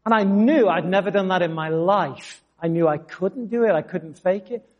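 During a sermon, a male preacher shares his personal testimony in an animated, storytelling style, shifting from quiet asides to sudden shouts. His voice is high for a man and his pace is normal. The recording sounds muffled.

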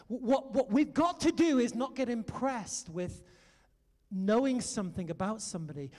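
British male preacher, high-pitched, lively storyteller who exhorts the room; recorded with long hall reverb. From Britain. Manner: animated storytelling, exhorting the audience. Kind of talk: sermon.

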